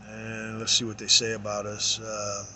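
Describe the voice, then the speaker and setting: Halting father reading case notes aloud. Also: fairly low pitch, monotone, a little hiss or hum. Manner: halting, many fillers, trails off quietly. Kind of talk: reading documents aloud with commentary.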